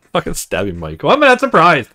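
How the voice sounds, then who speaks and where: A man hosting a let's play of a visual novel, reacting in animated commentary, laughing a lot and swearing casually. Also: a little high, brisk, faint music behind. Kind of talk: gaming commentary.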